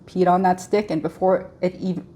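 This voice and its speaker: A woman in her thirties telling her own pregnancy story as an interview guest, lively, laughing often and acting out the dialogue. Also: lowish voice, fairly quick. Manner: animated, laughs often, acts out quoted dialogue. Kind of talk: emotional personal storytelling.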